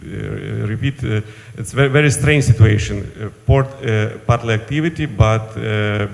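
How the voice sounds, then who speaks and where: Panelist, rough low voice, hesitant second-language English, big reverberant hall. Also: male voice, normal speed. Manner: hesitant, many fillers and restarts. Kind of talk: halting answer in a second language. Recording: reverberant hall with faint room noise.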